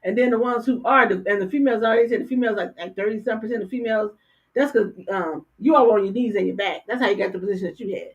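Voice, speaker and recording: An older woman co-hosting a casual talk show, blunt and animated, often stammering and repeating words. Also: medium pitch, very fast. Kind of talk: casual political chat. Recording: dull lo-fi stream audio.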